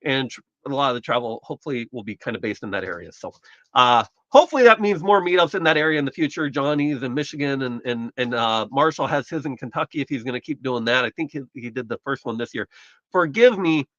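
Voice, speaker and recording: A man's voice: mid-range voice, fast talker, sharp tone, no echo, dull audio. A man from the United States hosting a casual live stream, chatting in a rambling, self-correcting way while recovering from surgery. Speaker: livestream host.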